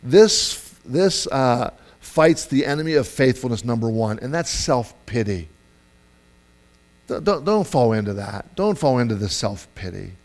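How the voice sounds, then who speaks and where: A man preaching a sermon in a lively, conversational way, acting out quoted voices with sudden loud bursts. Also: mid-range voice, a little slow. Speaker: pastor.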